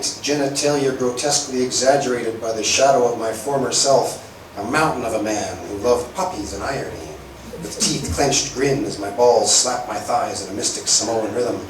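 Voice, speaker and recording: A man's voice: mid-range voice, background noise. A man performing a spoken-word poem with a wry, rhythmic delivery at a live open-mic venue. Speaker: performance poet. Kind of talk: spoken-word poetry reading. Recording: echoey room, far from mic.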